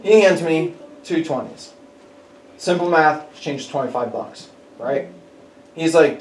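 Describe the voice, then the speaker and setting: A man preaching a conversational sermon, telling personal stories in an animated way and chuckling as he goes. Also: on the high side, normal speed, distant mic. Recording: echoey hall with faint background noise.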